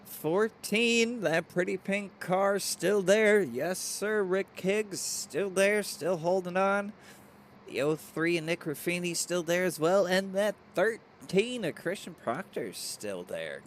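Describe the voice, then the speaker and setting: A man doing excitable play-by-play race commentary with hiccups, reading viewer chat aloud. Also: sits high, slight background noise.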